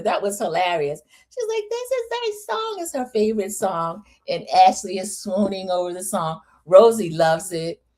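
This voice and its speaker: A chatty woman recaps a reality TV episode, full of opinions. She talks in a relaxed, easy way and acts out what the cast said. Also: lowish voice. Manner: chatty, opinionated, animated quoting of cast members. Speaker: host.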